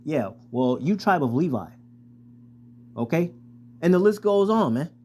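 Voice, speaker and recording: A man casually preaching and reading scripture aloud, with profane, street-style, animated talk. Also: on the high side, measured pace. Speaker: scripture teacher.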